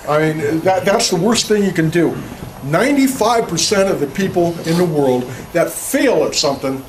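A folksy man gives a workshop talk on carving, rambling, restarting his words and slipping in jokes. His voice sits a bit high for a man. He is heard from some distance off the mic, with faint room ambience behind him. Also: noisy background. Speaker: chainsaw carving instructor. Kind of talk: casual workshop talk to an audience.

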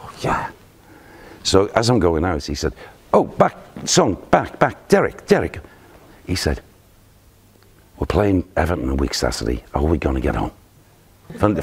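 A man's voice: extremely low pitch, slightly rough. An older man, a spiritual medium, telling an anecdote in an interview and acting out the voices of the people he quotes. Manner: animated storyteller who acts out quoted voices. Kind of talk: anecdotal storytelling. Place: theatre.

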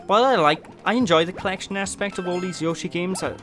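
A man's voice: sits high, quick pace. Jokey man from Wales for let's play commentary, music bed. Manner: rambling, self-mocking, jokey asides. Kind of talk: casual gameplay commentary. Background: game music.

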